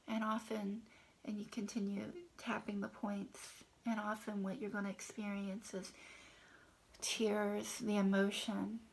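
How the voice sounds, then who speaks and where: A woman guiding a tapping exercise, speaking affirmations in a soft, half-whispered breathy voice between plain explanations. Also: mid-range voice, level tone, a little slow, rough recording. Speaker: tapping coach. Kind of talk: guided tapping instruction.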